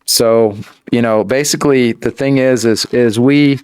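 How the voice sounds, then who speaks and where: A man as a podcast guest in casual conversation, earnest and talking in halting, repeated starts. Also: mid-range voice, darkish tone, clean tone, no room sound.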